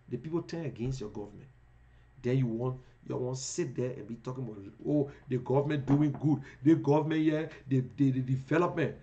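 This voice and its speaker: A man's voice: high voice, darkish tone, lo-fi sound. A man with a Liberian English accent giving heated live-streamed political commentary, full of rhetorical questions.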